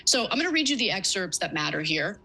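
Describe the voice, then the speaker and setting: A woman's voice: lowish voice, sing-song, quick pace, sharp tone, husky, rough recording. A woman hosting a news commentary, reading report excerpts aloud with emphatic, sarcastic asides. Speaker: political commentator.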